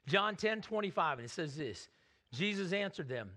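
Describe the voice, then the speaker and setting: A man preaching a sermon, leading the congregation in call-and-response and slowing down to read scripture aloud. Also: sits high, lively intonation, pushed and bright. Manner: repeats words, slows to read scripture. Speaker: pastor. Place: church sanctuary.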